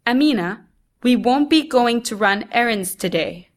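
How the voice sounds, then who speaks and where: A woman's voice: lively intonation, measured pace. A woman voicing a busy, doting older grandmother who fusses over her family. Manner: fussy, affectionate, higher and louder than the narration.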